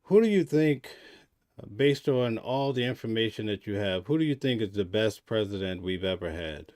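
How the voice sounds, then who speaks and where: A man co-hosting a live stream, talking casually in a halting way and asking the host questions. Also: on the low side, animated, darkish tone, dry recording, studio quality. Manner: halting, with fillers, asks questions. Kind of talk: casual conversation.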